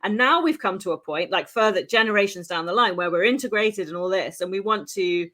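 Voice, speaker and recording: A woman's voice: mid-range voice, a little fast, pushed and bright. A woman, co-hosting a podcast in casual chat, talking freely and laughing often. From United Kingdom. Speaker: podcast co-host.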